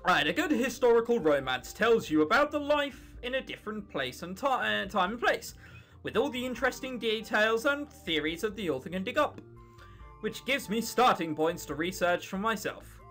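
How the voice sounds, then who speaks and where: A woman voicing a bold young woman in a visual novel, speaking playfully as if she is bluffing, with lively pitch. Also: normal speed, faint music behind, lightly acted.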